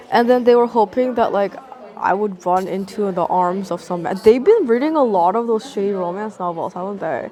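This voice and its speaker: A woman's voice: mid-range voice, normal speed, crowd noise. A woman vlogging a casual, rambling monologue in a sarcastic tone, peppered with "like" and swearing.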